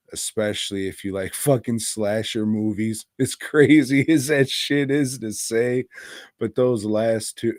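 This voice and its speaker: A man's voice: medium pitch, a little mellow, dry recording, clean studio sound. A man co-hosting a podcast, reviewing movies in a profane, rambling and irreverent casual chat. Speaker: podcast co-host.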